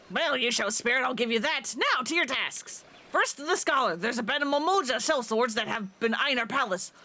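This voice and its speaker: Girl voicing a mean barking drill sergeant lady, high and bright, game music faint behind. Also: full character voice. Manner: barking, scornful, commanding. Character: gruff woman drill sergeant, scornful, bellowing.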